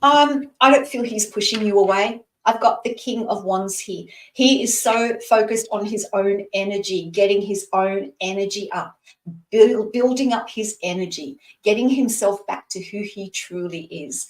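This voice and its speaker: A woman's voice: medium pitch, normal speed. Scottish-born psychic woman in her 60s, reassuring live card reading, roomy sound from a distant mic. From Scotland. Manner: warm, reassuring, talks to the asker by name. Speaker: psychic reader.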